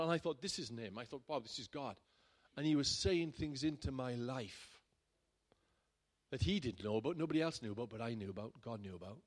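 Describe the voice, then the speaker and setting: Pastor telling a story from the pulpit. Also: male voice, medium pitch, animated, fairly quick. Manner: conversational storytelling, building to loud emphatic bursts. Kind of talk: sermon testimony.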